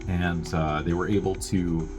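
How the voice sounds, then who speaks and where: A man's voice: sits low, level tone, measured pace, music in the background. A young man casually recapping a film plot as a review host, rambling and profane, with wry asides and lots of filler words. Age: young adult.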